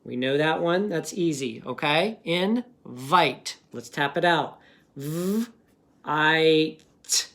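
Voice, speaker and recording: A man teaching a phonics lesson to young pupils, sounding out words slowly and asking patient questions. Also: fairly high pitch, fairly bright tone.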